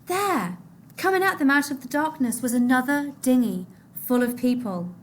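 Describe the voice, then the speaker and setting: A woman reading a novel aloud to a class, expressive, her voice dropping low and soft at the sad moments. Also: moderate pace, slight background noise.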